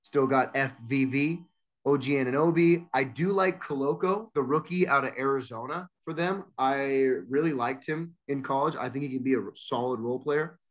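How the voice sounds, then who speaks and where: A man's voice: medium pitch, moderate pace. A man on a sports podcast, chatting casually and calling his picks with confidence. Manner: decisive, leads through the picks.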